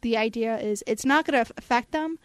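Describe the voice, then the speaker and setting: A woman co-hosting a casual podcast chat, quick to chime in and laugh along. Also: fairly high pitch, no echo.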